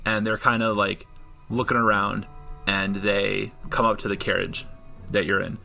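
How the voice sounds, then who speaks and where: A man's voice: fairly low pitch, flat delivery, normal speed, creaky, sharp tone, soft background music. A man narrating a tabletop role-playing game as dungeon master in a loose, hesitant way. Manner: casual, hesitant with many fillers.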